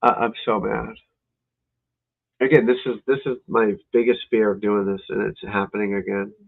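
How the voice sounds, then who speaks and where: A man's voice: fairly low pitch, level tone, normal speed, creaky. A man hosting a casual livestream as a golf instructor, muttering, cursing and grumbling at himself. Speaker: golf instructor and show host. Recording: tinny phone-like lo-fi stream audio.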